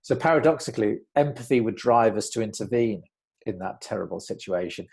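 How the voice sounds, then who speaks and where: A man speaks as an interview guest in a low voice with a gravelly, creaky edge. He sounds measured and reflective, weighing his points carefully as he speaks. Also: expressive, a little mellow. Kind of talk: conversational interview.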